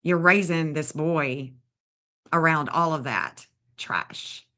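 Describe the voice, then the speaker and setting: A woman's voice: low-pitched, slow, pushed and bright. A woman, bluntly and indignantly scolding as she comments on a livestream. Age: 50s. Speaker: true crime streamer.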